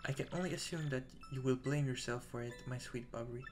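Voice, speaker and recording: A man voicing a gentle young wife reading her farewell letter in a tender, earnest way. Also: mid-range voice, fast, over music, natural voice. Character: Scarlet, loving dying young wife, gentle.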